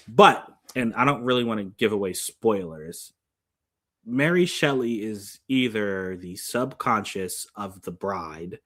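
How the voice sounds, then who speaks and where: A man's voice: lowish voice, a bit bright. A man giving a casual, enthusiastic movie review, chatty and full of "like" and "you know".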